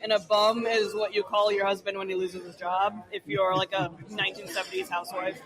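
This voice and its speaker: A woman co-hosting a podcast, trading sarcastic, profane, deadpan jabs with her partner. A crowd murmurs behind her. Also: mid-range voice, fairly quick, rough recording. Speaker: podcast co-host. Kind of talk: casual podcast banter.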